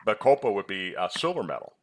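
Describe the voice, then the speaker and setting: A man's voice: fairly low pitch, very animated, fast talker, slight background noise. A man who presents health products and once ran a clinic, chatting in a rambling way and teasing his co-host with quiz questions. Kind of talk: casual chat about supplements.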